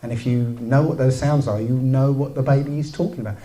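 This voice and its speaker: Mellow-voiced man explaining casually. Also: mid-range voice, steady tone, a little fast, low-quality recording. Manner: loose, full of fillers like "you know".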